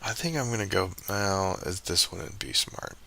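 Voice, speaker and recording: A man with a very deep, gravelly voice talks slowly on a live stream, often dropping to a mutter. His tone is strikingly bright, and a faint hiss runs under the desk mic. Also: expressive. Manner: muttering, frustrated, talks to himself. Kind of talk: casual live-stream commentary while playing.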